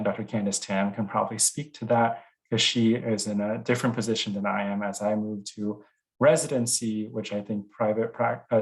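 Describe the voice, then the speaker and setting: Hesitant low-voiced man with a flat delivery. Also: vocal fry, poor audio. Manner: hesitant, many fillers. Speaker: veterinary resident panelist. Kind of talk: panel discussion.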